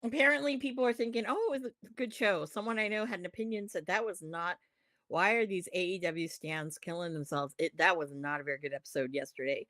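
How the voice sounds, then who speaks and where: A woman co-hosting a podcast, ranting about wrestling in a profane, animated way. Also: fairly low pitch, brisk, no echo, studio quality. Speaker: podcast co-host. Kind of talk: casual wrestling chat.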